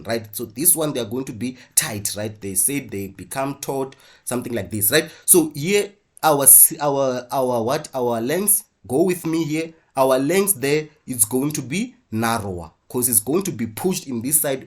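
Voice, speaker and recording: Man, South African English accent, husky voice, online biology teacher, explains while drawing, keeps asking "right?". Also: medium pitch. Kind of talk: online class lecture.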